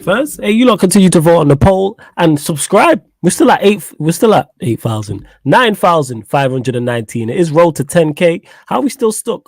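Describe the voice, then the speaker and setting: A man's voice: on the high side, darkish tone, no room sound. Joking man hosting a stream. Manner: playful, joking, hypes the chat. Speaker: host. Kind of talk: casual football chat livestream.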